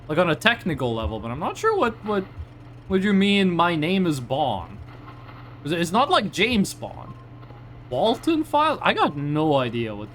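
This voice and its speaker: Lively chatty young man streaming. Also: sits high, a little hiss or hum. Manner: rambling, chatty, reacting to chat with frequent restarts. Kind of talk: casual live-stream chat.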